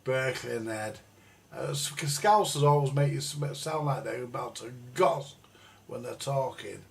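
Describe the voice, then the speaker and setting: On a live stream mic carrying a little hiss or hum, a middle-aged man from England rants in a blunt, rambling chat full of swearing. His voice is mid-range and creaky, at a moderate pace.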